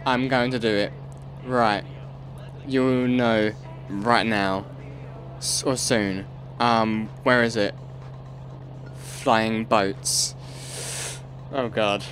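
Young man giving excitable game commentary. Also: lowish voice, very slow, long pauses, faint music behind. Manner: rambling, excitable reactions with sudden yelps and repeated pleas. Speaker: gaming channel host. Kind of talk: let's play commentary.

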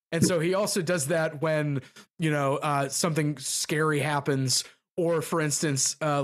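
A man co-hosting a casual book discussion podcast, reading passages aloud with stumbles and restarts. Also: on the high side. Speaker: podcast co-host.

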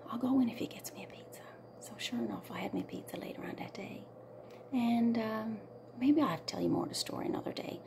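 A woman's voice: medium pitch, creaky, dark tone, a little hiss or hum. A middle-aged woman from Newfoundland with a Newfoundland accent, chatting in a rambling personal way, often dropping to a near whisper and tagging lines with "right?". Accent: Newfoundland English. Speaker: singer-songwriter. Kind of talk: casual personal storytelling.

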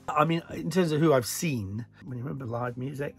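A middle-aged man from the north of England talks through viewer questions in a relaxed, chatty way. His voice has a gravelly edge and an animated, joking manner. Faint music plays underneath. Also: medium pitch, fairly quick. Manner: chatty, animated, jokey asides. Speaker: presenter answering viewer questions. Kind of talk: casual Q&A chat.

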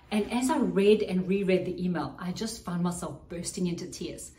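A woman's voice: lowish voice, a little fast, hardly any pauses, dark tone, roomy sound, distant mic, slight background noise, poor audio. A woman hosting a Christian podcast as a coach, giving an earnest, reflective teaching monologue and often checking in with "right?".

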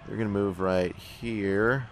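Young male let's-play host, very low voice, joking asides to his squad, faint hiss behind. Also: fairly even intonation, slow. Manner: joking, talks to his soldiers. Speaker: gameplay commentator. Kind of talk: casual let's-play commentary.

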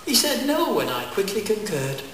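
A deadpan man recites comic verse live on a festival stage, his voice sitting a little high. A distant mic catches him in a very echoey hall, with faint audience sound behind. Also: a little slow, a little hiss or hum. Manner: deadpan, wordplay-laden delivery. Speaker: comic poet.

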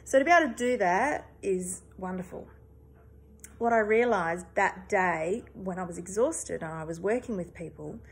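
A woman's voice: mid-range voice, gravelly, a little hiss or hum. A woman in her thirties, a therapist, talking earnestly and emphatically in a personal reflective monologue, swearing casually.

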